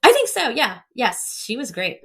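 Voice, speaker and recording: A woman's voice: on the high side, huge pitch swings, normal speed, breathy edge. A woman in her thirties, a podcast guest telling stories with energy, laughing often and acting out the people she quotes. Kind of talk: casual storytelling.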